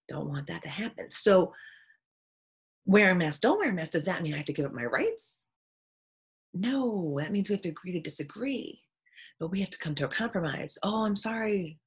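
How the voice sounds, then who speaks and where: A woman talking in a casual, reflective monologue, earnest in tone and acting out quoted voices with sudden jumps in pitch. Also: breathy edge. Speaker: teacher sharing opinions.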